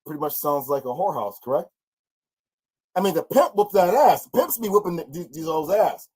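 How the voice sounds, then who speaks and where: A man reacts to a clip on a podcast, mocking it in comic bursts. His pitch leaps all over the place, dropping into low mutters and jumping up into loud outbursts. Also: fairly quick, breathy edge. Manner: animated, mocking, swings between low asides and loud outbursts. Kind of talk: loud comedic reaction commentary.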